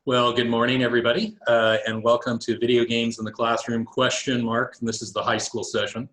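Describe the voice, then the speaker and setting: A man's voice: mid-range voice, level tone, a bit bright. A man presenting a webinar, speaking earnestly with some fillers over a video call. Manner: earnest, thankful, measured with fillers. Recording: roomy video call audio.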